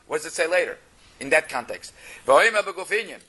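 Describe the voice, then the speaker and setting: Bright-voiced man teaching a Torah class. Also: a little high, expressive, quick pace, slightly rough. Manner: reads Hebrew phrases then translates into English; explanatory, asks rhetorical questions. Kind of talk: text-based religious class.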